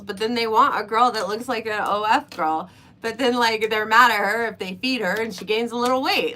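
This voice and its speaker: Speaking at normal speed, a woman with a slightly high, pushed, bright voice hosts a relaxed livestream. She shares her views in a chatty way, laughing a lot and using many fillers.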